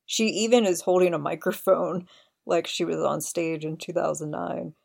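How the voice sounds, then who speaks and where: A woman's voice: on the low side, fairly even intonation, moderate pace, gravelly, a little mellow, slightly rough. A woman hosting a podcast, eagerly recounting scenes in detail with open admiration. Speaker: podcast host. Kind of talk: casual chat.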